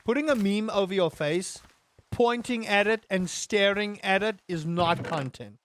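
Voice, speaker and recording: A man's voice: high-pitched, normal speed, fairly bright tone, slight background noise. A man live-streaming a game, talking casually to his chat and ranting with emphatic repetition. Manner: talks to his chat between tangents.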